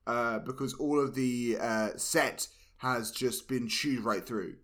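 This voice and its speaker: A man's voice: mid-range voice, steady tone, slow, crowd noise. Wry teasing man in casual chat. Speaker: podcast co-host.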